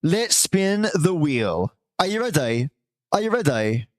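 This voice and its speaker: A man hosting a livestream in a loose, affectionate chat style, teasing viewers and reading entries aloud. His voice sits a touch high for a man, and the sound is dry and close to the mic. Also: big pitch swings, slow, dry recording. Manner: chatty, affectionate to viewers, swears casually. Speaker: livestream host. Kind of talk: casual live-stream chat and reading.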